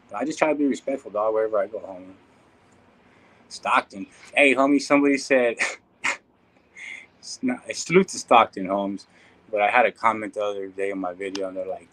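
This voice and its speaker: Low-voiced man vlogging. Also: fairly quick, fairly bright tone, poor audio. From Inland Empire, California. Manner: slangy, laid-back, calls listeners "dog" and "homie". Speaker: YouTube content creator. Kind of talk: casual vlog talk to viewers.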